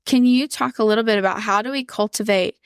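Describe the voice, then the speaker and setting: A woman hosting a podcast interview, asking gentle, probing questions and giving short affirming replies. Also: on the high side, fast, clear, resonant tone, no echo, studio quality. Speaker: podcast host.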